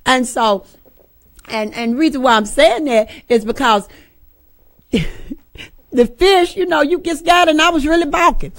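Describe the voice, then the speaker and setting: A woman's voice: high voice, unhurried, long pauses, no echo. A middle-aged woman, preaching an informal sermon with folksy jokes and asides to the congregation.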